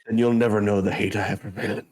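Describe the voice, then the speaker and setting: A man's voice: lowish voice, little pitch movement, quick pace, darkish tone, rough recording. A man roleplaying at a tabletop game, joking and swearing with mock grudges. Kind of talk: casual in-character roleplay chat.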